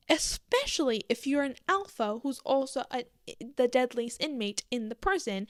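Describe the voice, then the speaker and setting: Young woman vlogger, higher voice, smooth and clear, dry close sound, rambling jokey chat. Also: expressive, normal speed, hardly any pauses, dry recording. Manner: rambling, joking, lots of "like" and "um"; mock-panicked outbursts. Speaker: booktok vlogger. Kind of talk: casual chat to camera.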